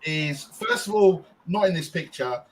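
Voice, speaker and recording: A man's voice: on the high side, expressive, unhurried, a little hiss or hum, low-quality recording. A man co-hosting a podcast, telling a long casual story with lots of ums and restarts. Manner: rambling, frequent ums and restarts. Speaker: podcast co-host.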